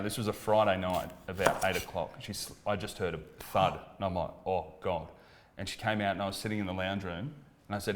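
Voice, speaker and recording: A man's voice: lowish voice, slight background noise. Swearing Australian man telling stories. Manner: loud, swearing, animated bits. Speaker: comedian podcast co-host. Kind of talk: casual comedic storytelling.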